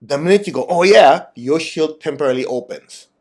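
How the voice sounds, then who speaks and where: Guy leading a meditation class, lively and direct, keeps asking if you get it. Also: medium pitch, fast. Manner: animated, acts out quoted voices; direct, teasing questions to listeners. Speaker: meditation teacher. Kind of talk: spiritual talk and guided meditation.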